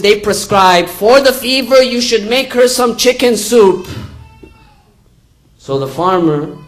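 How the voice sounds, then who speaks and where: A man preaching earnestly and telling a fable, repeating his key phrases and rising in pitch for emphasis. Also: poor audio. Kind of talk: sermon with a told fable.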